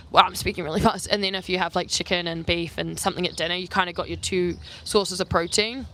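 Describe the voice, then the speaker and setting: A woman's voice: on the low side, steady tone, fairly bright tone, a little hiss or hum. Chatty young woman from New Zealand. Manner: chatty, heavy use of "like", quick asides. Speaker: travel vlogger. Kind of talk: casual Q&A chat. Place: outdoors on an island.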